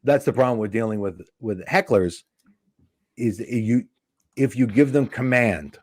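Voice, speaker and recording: A comedian, telling a long anecdote in a podcast chat and acting out the people in it. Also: male voice, mid-range voice, unhurried, no room sound, studio quality. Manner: animated anecdote teller, acts out quotes. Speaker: comedian guest. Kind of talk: podcast storytelling.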